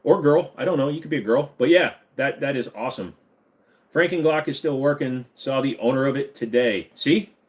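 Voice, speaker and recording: A man's voice: mid-range voice, brisk. A man in his forties hosting a casual live-stream Q&A at his computer desk, reading comments aloud and joking and teasing. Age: 40s.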